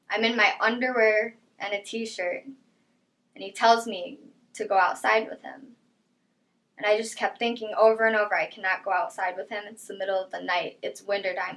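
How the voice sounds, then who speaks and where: A young woman speaks in an interview, recounting a personal story. Her voice sits at an ordinary mid pitch. She talks quietly and haltingly, often letting her phrases trail away. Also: rough recording. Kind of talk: personal testimony.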